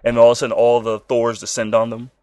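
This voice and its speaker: A man's voice: mid-range voice, monotone, fast talker, mellow. A man co-hosting a casual comic book podcast, joking around and slipping into goofy voices for characters. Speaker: podcast co-host.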